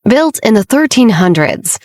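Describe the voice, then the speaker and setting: A woman's voice: mid-range voice, animated, moderate pace, no echo, natural voice. A woman narrator voicing a confident, teasing young man, the wealthy heir in a romance audiobook, read in a dry, close recording. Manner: playful, teasing.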